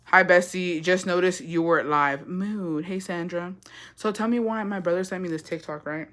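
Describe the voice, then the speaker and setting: A young Texan woman hosting a livestream indoors shares a story at normal speed, her lowish voice a bit bright. The chat is casual and blunt, thick with swearing, with Spanish phrases slipped in.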